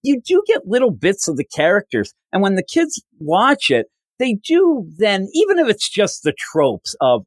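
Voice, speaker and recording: Lively man recapping comics. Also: high-pitched, normal speed, no room sound. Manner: animated storytelling, acting out quotes. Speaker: podcast host. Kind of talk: casual comic review recap.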